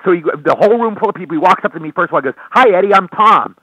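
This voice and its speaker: A man, an actor and voice actor, telling quick, excitable stories in a casual interview, full of restarts. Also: high voice, husky, no echo, low-quality recording. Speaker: actor and voice actor, guest.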